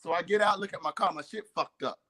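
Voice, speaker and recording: A young man with a Southern drawl tells a story in loose, casual conversation, talking fast and slurring his words. His voice sits a touch high and sounds bright and forward. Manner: fast, slurred, laid-back drawl with frequent fillers. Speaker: podcast co-host.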